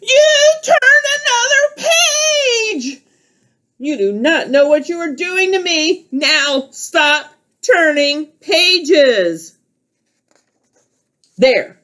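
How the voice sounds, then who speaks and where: A woman voicing a furry, fearful male puppet monster, reading from a storybook, with a high, excited, pleading way of speaking. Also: takes it slowly, exaggerated voice. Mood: flustered. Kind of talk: storybook read-aloud.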